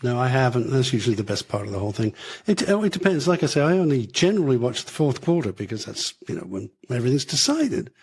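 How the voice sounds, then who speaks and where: A man's voice: medium pitch, sing-song, fast talker, vocal fry, breathy edge. A middle-aged man co-hosting a radio podcast, wry and teasing and laughing often. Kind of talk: casual banter.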